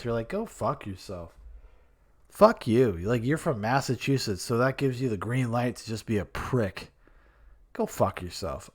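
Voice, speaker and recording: Indignant, profane podcast host. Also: male voice, medium pitch, lively intonation, normal speed. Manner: blunt, indignant, profane, mocking voices. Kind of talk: casual commentary.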